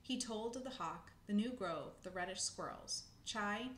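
A woman reads a children's book aloud in a casual way, adding spoken asides and correcting herself. Her voice is medium-pitched, measured, and a bit bright, recorded in an echoey room with faint hiss.

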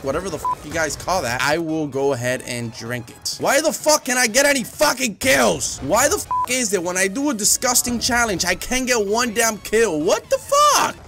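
A young man giving loud, profane, raging commentary while playing a shooter game. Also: on the high side. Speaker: gaming YouTuber. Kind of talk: live gameplay commentary.

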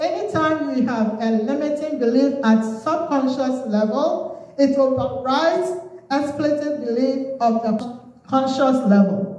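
A woman's voice: high voice, darkish tone. A woman from Ghana with a Ghanaian English accent, preaching a sermon and calling out Amens and Hallelujahs. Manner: exhorting, call-and-response with Amens and Hallelujahs. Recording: very echoey room, voice from far off.

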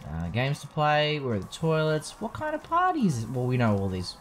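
Slightly high-voiced and speaking at a moderate pace, this young man hosts a let's play, narrating the game with lots of jokes and free-flowing profanity. He's animated throughout, and there's slight background noise.

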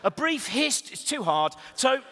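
A man's voice: very high-pitched, a little slow, a little hiss or hum. A man giving a comic lecture in a large hall, rambling and interrupting himself. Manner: rambling, self-interrupting, animated. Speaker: comedian giving a talk. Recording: reverberant hall.

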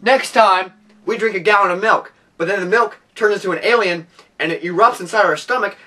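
A man's voice: high-pitched, brisk, sharp tone, distant mic. A young man hosting a goofy comedic vlog, hammy and full of silly put-on voices. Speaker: vlog host.

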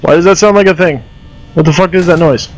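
A man's voice: a little high, fast talker, rough recording. A young man streaming a horror game over a headset mic, swearing and laughing nervously as he panics. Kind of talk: live gameplay commentary.

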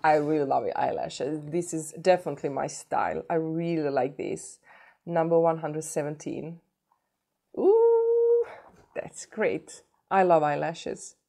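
Beauty vlogger, woman from Sweden, has a cold, slightly low voice, gushing and giggly. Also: measured pace, gravelly. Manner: excitable, gushing, breaks into giggles. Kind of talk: casual unboxing vlog.

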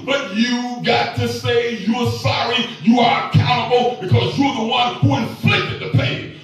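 A man in his fifties preaching a sermon, telling a personal story in a folksy, emphatic way with sudden shouts. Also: very high voice. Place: large echoey church hall. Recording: echoey hall, voice from far off.

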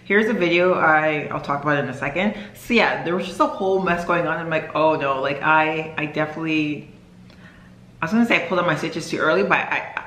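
A woman's voice: low-pitched, fairly quick, fairly bright tone, slight background noise. Chatty young woman vlogging in echoey room. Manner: rambling, chatty, many fillers and self-corrections. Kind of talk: casual vlog chat to camera.

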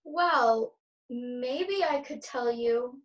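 A witty young storyteller. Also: female voice, high voice, very slow, distant mic, muffled recording. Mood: wry. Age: teens. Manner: dry, teasing, storytelling. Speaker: student actor, storyteller.

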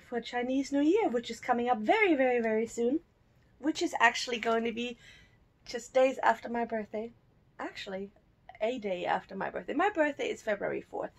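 A woman from Germany chatting casually as she unboxes a subscription box at home, cooing over the cute items and giggling often. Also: on the high side. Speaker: unboxing vlogger.

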